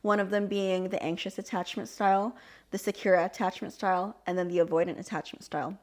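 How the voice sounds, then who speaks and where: A young adult woman co-hosting a podcast, explaining a subject in casual chat with an animated, filler-heavy way of talking. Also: medium pitch, fairly quick. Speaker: podcast co-host.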